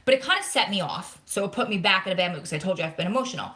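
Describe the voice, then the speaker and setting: Chatty, bright-voiced woman vlogger. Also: fairly low pitch, rapid-fire, few pauses. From New Jersey. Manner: chatty, animated storytelling with quoted dialogue. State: emotional, close to tears. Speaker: vlog host. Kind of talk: casual live Q&A chat.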